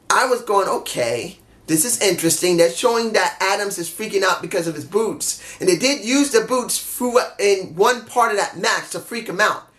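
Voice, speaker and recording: A man casually reviewing a wrestling show, excitable, swearing freely and laughing often. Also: sits high.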